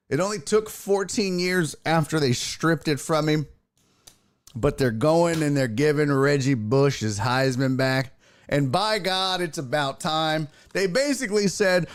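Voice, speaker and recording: A man hosts a casual sports talk stream in a slightly high voice. He chats loosely with his viewers as folks, blunt and slangy, with mild swearing mixed in. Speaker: sports talk show host.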